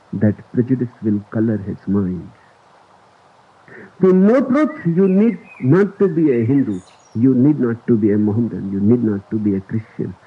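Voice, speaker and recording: A man giving a spiritual discourse in a slow, deliberate and emphatic way, on an old recording. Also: medium pitch, breathy edge. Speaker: spiritual teacher. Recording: tinny lo-fi archive recording.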